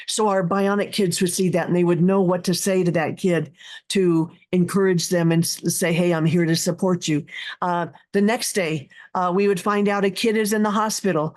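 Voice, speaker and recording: A woman's voice: on the low side, fairly even intonation, moderate pace, darkish tone. A middle-aged woman guest telling stories in an earnest, heartfelt way, with many restarts and fillers. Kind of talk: casual interview talk.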